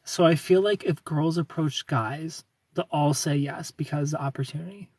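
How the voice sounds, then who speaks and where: A man's voice: a little high, moderate pace, darkish tone, no room sound, far from the mic. A British man speaking in a put-on American accent, chatting casually on a livestream and reading viewer comments aloud. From Britain. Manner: chatty, reads comments aloud, laughs often. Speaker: livestream host answering chat.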